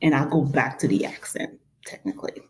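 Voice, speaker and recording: In casual conversation, this guest from New York, a woman with a Haitian-influenced accent, speaks briskly in a very deep voice. She expressively acts out quoted exchanges, and there's a little hiss or hum.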